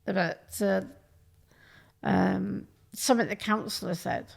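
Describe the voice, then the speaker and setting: Woman, gravelly voice, blunt and sweary, chatting in a podcast studio. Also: medium pitch, slow pace. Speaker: podcast guest. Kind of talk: casual chat.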